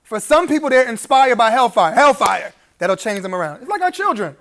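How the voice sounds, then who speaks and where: Keynote speaker at a gala: a man with a strikingly high voice, preacherly delivery with humorous chuckling asides. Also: sing-song, a little fast, fairly bright tone. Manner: emphatic rising appeals to the audience. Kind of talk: live keynote speech at a gala dinner.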